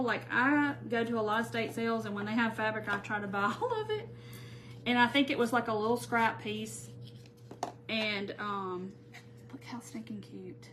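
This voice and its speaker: Working on a craft during a live stream, a woman chats casually and says hello to viewers by name. Her slightly high voice is a bit bright, with some faint background noise.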